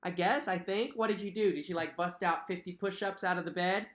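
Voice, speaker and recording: A man's voice: high voice, fairly even intonation, fairly quick, a bit bright. A young man hosting a casual livestream, chatting in a friendly way, reading out viewer comments and repeating himself with many fillers. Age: young adult. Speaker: cruise vlog host. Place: at home.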